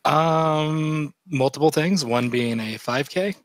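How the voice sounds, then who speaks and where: A man co-hosting a podcast in casual chat, slightly hoarse from a recent illness, joking at his own expense. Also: fairly high pitch, slow, dry recording. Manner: self-deprecating, joking. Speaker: podcast co-host.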